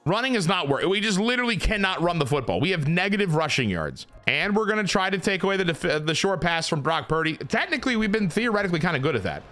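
A man giving casual, profanity-laden commentary while playing a football video game, swinging between frustrated yelling and low mumbling. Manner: excitable, swears a lot, swings from yelling to mumbling. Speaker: gaming YouTuber.

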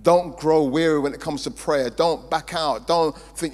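A male pastor, preaching a sermon in a church hall and swinging between loud emphasis and quiet storytelling. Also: a little high, moderate pace, hardly any pauses. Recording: reverberant hall with mains hum.

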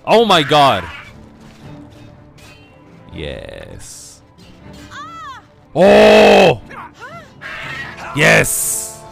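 A man casually commenting on his own gameplay, switching between excited yelps and shouts and muttered asides. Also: medium pitch, measured pace, faint music behind. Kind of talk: casual let's play commentary.

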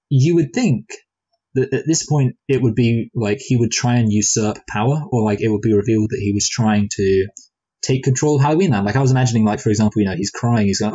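A man's voice: on the low side, mellow, husky, rough recording. A man co-hosting a film review chat, rambling and hesitant, with many restarts and playful speculative asides. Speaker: film review podcast co-host.

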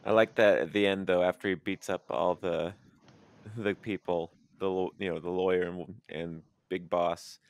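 A man's voice: low voice, fairly even intonation, normal speed, no room sound. A man co-hosting a podcast who talks matter-of-factly about a movie and retells its scenes. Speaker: podcast co-host. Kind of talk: casual movie-discussion chat.

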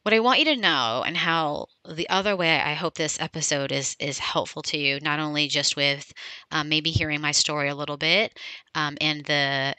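A woman's voice: low-pitched, normal speed, bright, forceful tone, clean tone, dry recording, rough recording. A woman hosting a podcast, talking candidly and personally about her own experience, with frequent ums. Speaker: podcast host. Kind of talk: reflective podcast intro monologue.

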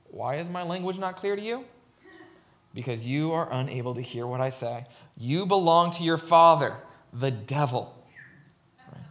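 A man's voice: fairly high pitch, moderate pace, a bit bright. A man preaching a sermon, reading scripture aloud and commenting emphatically, often checking in with "right?".

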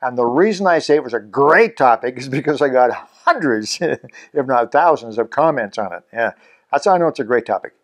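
Animated and fairly quick, this Canadian scuba instructor in his seventies speaks in a mid-range voice on his own channel. He chats casually to the camera, teases himself, and chuckles between his points.

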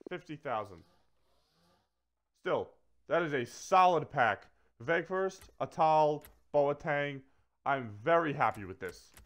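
A man giving casual commentary while opening packs in a video game, swearing freely and swinging between flat grumbling and excited shouts. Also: on the high side, slow pace, long pauses. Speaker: gaming video creator.

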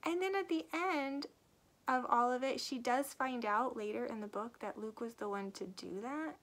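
Woman author, chatty book-review vlogger; lively plot retelling with acted-out lines and easy laughter. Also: a little high, normal speed. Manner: laughs often while talking. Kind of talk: casual book review vlog.

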